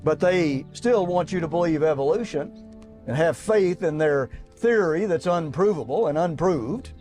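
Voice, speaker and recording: A man's voice: fairly high pitch, lively intonation, unhurried, a little mellow, faint music behind. A man preaching to young people at an outdoor camp, reading quotes aloud and pressing rhetorical questions with emphasis.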